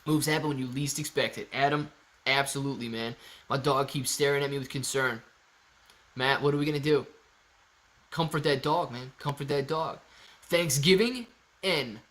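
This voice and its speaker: A man's voice: medium pitch, normal speed, long pauses, a bit bright. A man hosting a casual live stream about stocks, reading viewer messages and answering them in an upbeat, chatty way. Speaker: livestream host answering viewer chat. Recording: home livestream setup.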